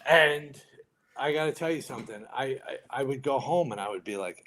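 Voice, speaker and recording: A man's voice: medium pitch, a little fast, a little hiss or hum. A man, a retired firefighter telling stories as a podcast guest and acting out the lines of the people in them. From United States. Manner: animated storyteller acting out other people's lines. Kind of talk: storytelling in casual conversation.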